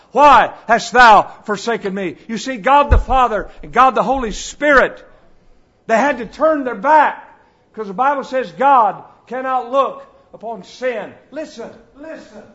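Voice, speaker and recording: A man preaching a sermon, dropping to a hush and then rising to a booming cry, repeating phrases for emphasis. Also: muffled recording. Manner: swings from hushed to booming, dramatic pauses.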